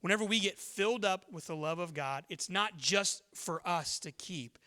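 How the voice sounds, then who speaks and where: A man from Texas preaches in a high, bright and forceful voice. He tells stories to his church in a lively, conversational way. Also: moderate pace. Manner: storytelling, conversational and energetic. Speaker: pastor. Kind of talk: sermon.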